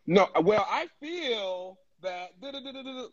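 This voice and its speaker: A man co-hosting a podcast, chatting casually in an animated, emphatic way and swearing freely. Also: sits high, measured pace, muffled recording. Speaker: podcast co-host. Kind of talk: casual chat.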